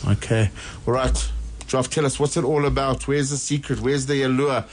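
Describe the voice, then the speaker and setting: A male radio host interviewing guests in a studio, firing off quick, probing questions. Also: mid-range voice, fairly even intonation, slight background noise.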